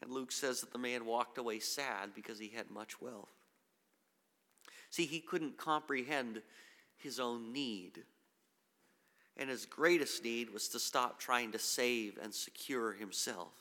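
Male pastor preaching, sharp bright tone, earnest and halting, echoing hall sound. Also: mid-range voice. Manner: earnest preaching with many restarts and repeated words. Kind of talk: sermon. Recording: long hall reverb.

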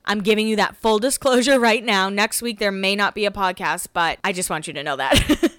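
A young woman talks into a close mic for her solo podcast, gossipy and chatty, tossing in swear words and little acted-out quotes. Her voice is bright and crisp, with a dry, close sound and no room around it. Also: mid-range voice, brisk, dry recording. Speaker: podcast host recapping a reality show. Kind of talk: casual solo podcast recap.

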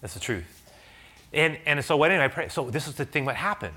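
A pastor telling a personal story in a sermon, talking conversationally with many restarts and rising to loud, high preaching at its peaks. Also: male voice, sing-song, quick pace.

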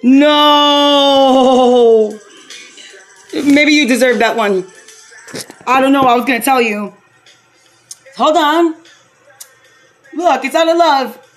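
A woman's voice: high voice, unhurried, pauses often, soft background music. A woman hosting a podcast, running a comic call-in bit in a playful way and laughing often. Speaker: podcast host.

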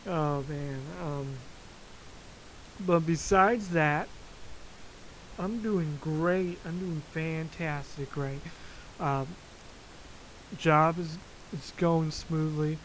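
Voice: mid-range voice, takes it slowly, pauses often, a little hiss or hum, rough recording. A podcast host ranting casually, swearing constantly and breaking into laughter while telling stories. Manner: profane, frequently laughing, animated storytelling. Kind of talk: casual solo rant. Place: Florida.

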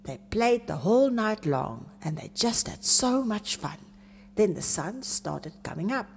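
A woman reading a children's story aloud in an expressive, animated way. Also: mid-range voice, measured pace, vocal fry, slightly rough. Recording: long reverb.

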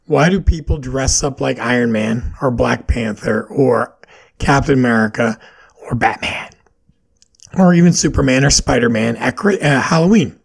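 A man's voice: medium pitch, moderate pace, creaky, breathy edge. A man hosting a solo podcast, talking through his opinions in a questioning, rambling way with plenty of fillers. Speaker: podcast host.

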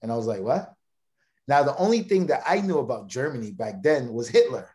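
Expressive and fast, his mellow mid-range voice carries a long personal story on a podcast. He's a man in his thirties from Brooklyn, New York, whose casual talk rambles with frequent restarts and stammered repeats.

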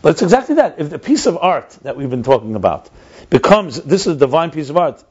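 A man's voice: on the high side, very animated, fast, darkish tone, slightly rough. A man explaining ideas in a conversational teaching style, emphatic and repeating his key points. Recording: dull lo-fi recording.

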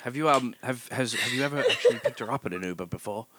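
A man trading dry jokes in a comedy podcast improv, at a mid pitch. A clear hiss of noise runs under his voice. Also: fast, bright, forceful tone.

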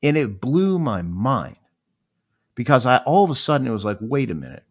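A man's voice: mid-range voice, sing-song, moderate pace. A man in his forties telling a personal story in a rambling, reflective way, often repeating phrases.

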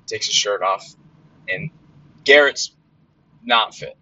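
A man's voice: fairly low pitch, slow pace, bright, forceful tone, muffled recording. A man hosting a podcast in a casual monologue, blunt and rambling, with lots of fillers and some swearing. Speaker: podcast host.

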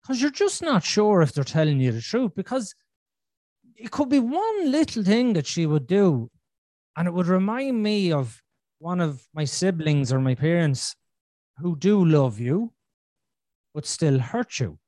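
A middle-aged man talks frankly about his own life, cursing casually as he goes. His pitch rises and falls in a lively, expressive way. The recording is dry and close, with no room sound. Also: unhurried, dry recording. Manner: frank, swears freely, animated retelling. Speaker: podcast host. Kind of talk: candid conversational storytelling.

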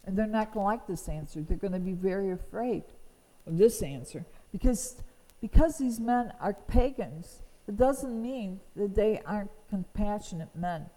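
A woman's voice: medium pitch, animated, moderate pace, warm tone, in a large hall, rough recording. A woman teaching from the Bible, reading verses aloud and explaining them earnestly. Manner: reads scripture aloud, then explains it earnestly.

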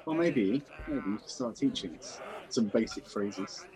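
Deadpan man playing a tabletop game. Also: fairly low pitch, a little slow, crowd noise.

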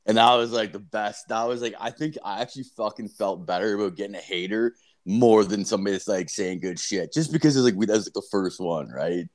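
A man's voice: fairly low pitch, a little fast, few pauses. A young man co-hosting a casual podcast, swearing constantly and laughing as he acts out stories. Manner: profane, laughing storyteller acting out exchanges. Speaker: podcast co-host.

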